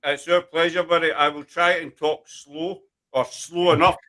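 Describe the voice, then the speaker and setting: Chatty Scottish man hosting, bright voice. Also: fairly high pitch, little pitch movement, moderate pace. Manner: chatty, joking, self-deprecating. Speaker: podcast host. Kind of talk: casual chat.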